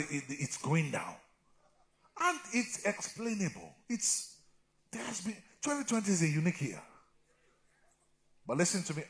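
A middle-aged man preaching a sermon as pastor, swinging from loud shouted exhortation to low, quiet talk and calling for amens from the congregation. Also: creaky. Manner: calls for amens and answers from the congregation.

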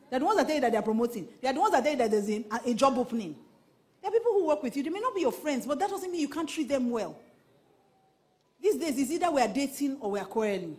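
A woman pastor with a Nigerian accent, preaching a sermon in an animated, repetitive style that slips into pidgin. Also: on the high side. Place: church.

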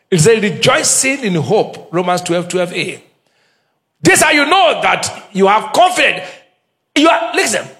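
A man's voice: high voice, fairly bright tone. A middle-aged man, a pastor preaching a humorous sermon with call-and-response and Pidgin asides in a church.

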